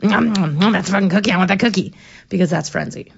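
A woman in casual, crude banter, profane and animated and quick to laugh. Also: lowish voice, gravelly, breathy edge, highs cut off.

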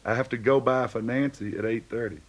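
A man's voice: medium pitch, steady tone, brisk, close to an everyday voice. Male narrator as a teasing small-town buddy, chuckling and coaxing. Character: friendly easygoing small-town man, teasing.

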